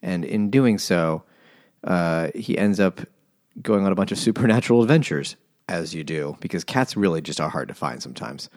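A man's voice: sits low, animated, moderate pace, darkish tone, no room sound, clean studio sound. A man co-hosting a casual book chat, summarizing the plot with wry asides.

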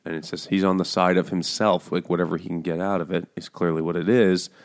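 A man's voice: level tone, quick pace. A man co-hosting a casual book podcast, making crude jokes and quoting characters. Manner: crude jokes, high-pitched put-on quotes. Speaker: podcast co-host. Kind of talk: casual chat about a book.

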